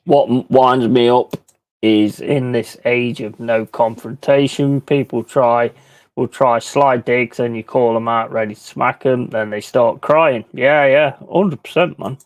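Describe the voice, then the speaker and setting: A man's voice: medium pitch, steady tone, unhurried, no room sound. A middle-aged man hosting a live stream, ranting bluntly and swearing freely in casual chat. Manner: mimics other people in quoted voices. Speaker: livestream host.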